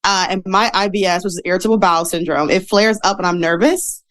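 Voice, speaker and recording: A woman with a fairly low voice chats through her stories in a casual interview. She acts out the people she quotes, jumping high in pitch for their lines, then drops back to her easy storytelling tone. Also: fast talker, fairly bright tone. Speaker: podcast guest, model and speaker.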